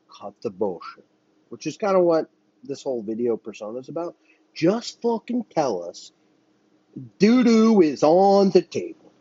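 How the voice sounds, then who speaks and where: Husky-voiced man on a profane, heated rant. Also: on the high side, warm tone, no echo, muffled recording. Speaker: podcast host. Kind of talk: solo political commentary rant.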